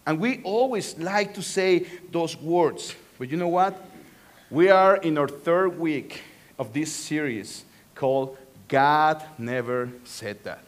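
Man, pastor, Spanish accent, non-native English, animated sermon, high-pitched. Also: slow pace. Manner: animated, joking with the congregation.

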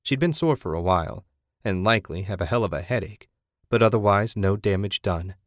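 A man reading a novel aloud as audiobook narrator in a steady, measured way. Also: fairly low pitch, no room sound. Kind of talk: scripted narration. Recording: dry close studio recording.

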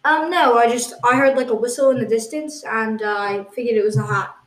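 A woman co-hosting an improvised comedy podcast with a voice that sits a little high. She defends absurd claims in an earnest, hesitant way, full of ums. An echoey room surrounds her. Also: steady tone, fairly quick. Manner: hesitant, insisting on absurd claims with a straight face. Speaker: podcast co-host.

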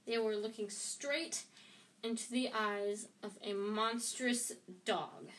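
A woman's voice: fairly high pitch, steady tone, slow, fairly bright tone. A woman reading a novel aloud who often stumbles and rereads words, recorded from a slightly distant mic. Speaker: reader.

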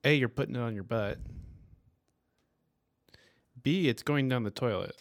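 A man's voice: medium pitch, unhurried, dry recording, clean studio sound. A man co-hosting a podcast in a casual chat, earnestly laying out his points one by one and stumbling on a word now and then. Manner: earnest, explains points in lists, some stammering. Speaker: podcast co-host.

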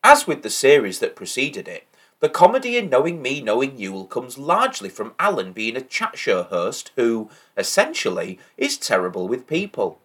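A man's voice: mid-range voice, huge pitch swings, normal speed, a bit bright, breathy edge. A man hosting a podcast, giving wry, enthusiastic commentary. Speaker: podcast host.

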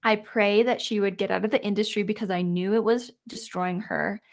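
A woman's voice: mid-range voice, fairly even intonation, a little fast. A young adult woman, a daughter and podcast guest, speaking earnestly about faith and family, with many "like" fillers. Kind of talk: reflective conversational sharing.

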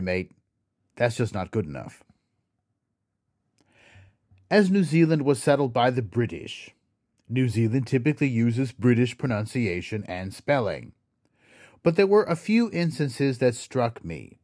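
A man hosting an educational podcast, reading a scripted explanation slowly and carefully and spelling words out letter by letter. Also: medium pitch, a little mellow, dry recording, clean studio sound. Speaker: podcast host.

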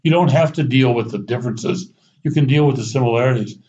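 A man talks at an even middle pitch, telling animated anecdotes with chuckles and restarts as a guest in conversation. The recording is slightly dull and lo-fi. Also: fast talker. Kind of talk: conversational storytelling.

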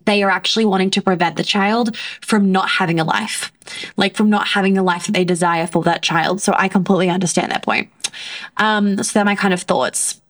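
A woman's voice: mid-range voice, steady tone, a little fast, fairly bright tone. A woman hosting a casual solo podcast, talking bluntly in a rambling way with heavy swearing. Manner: frequent fillers and restarts. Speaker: podcast host.

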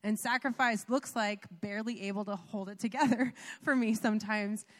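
A woman's voice: mid-range voice, fairly even intonation, normal speed. A young woman giving a chatty, personal testimony during a sermon, full of fillers and little laughs. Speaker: pastor's wife sharing testimony. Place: church sanctuary. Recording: reverberant church hall.

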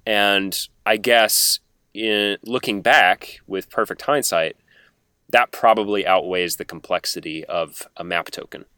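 A man with a lowish voice that has a bright, crisp edge talks through his points at length on a podcast. His tone is thoughtful and casual, recorded close and dry. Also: measured pace, no room sound. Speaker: guest. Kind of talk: casual explanation.

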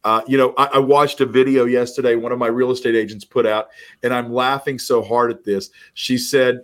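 An animated man talks as a podcast guest and coaches real estate agents. He tells stories and acts out back-and-forth dialogue at a mid-range pitch. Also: fairly quick. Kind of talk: casual podcast conversation.

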